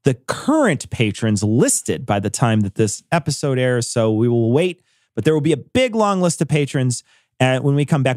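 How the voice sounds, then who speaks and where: A man hosting a podcast in casual chat, animated, swearing and laughing often. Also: medium pitch, normal speed, dry recording, studio quality. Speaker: podcast host.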